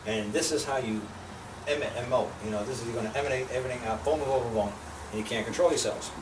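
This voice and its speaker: In a roomy, distant recording with clear background noise, an older man from the United States speaks fast in a mid-range voice. Casually telling a small group salty, blunt stories with life lessons, he animatedly acts out the voices he quotes.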